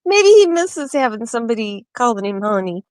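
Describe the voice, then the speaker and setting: A woman's voice: a little high, very animated, moderate pace, no room sound. A woman on a remote call in a casual livestream chat, making dry, matter-of-fact remarks.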